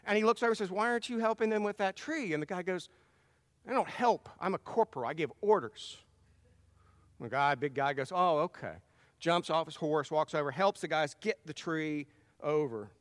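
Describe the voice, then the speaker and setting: High-voiced man preaching, long hall echo. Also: fairly quick, fairly bright tone, clear, resonant tone, studio quality. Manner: conversational, folksy storytelling with repeated restarts. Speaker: pastor. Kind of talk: sermon.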